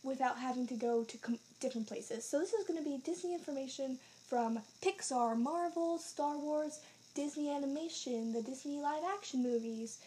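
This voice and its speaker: A woman hosting her own podcast in a bubbly, excited, rambling way, a little out of breath and correcting herself as she goes. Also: sits high, slight background noise. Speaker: podcast host. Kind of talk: casual solo podcast chat.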